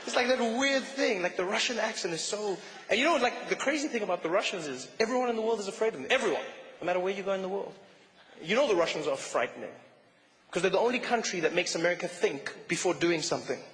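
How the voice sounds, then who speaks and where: A man doing stand-up comedy in an animated, joking, conversational way, recorded live in a comedy venue. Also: high-pitched, quick pace. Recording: echoey live hall with background noise.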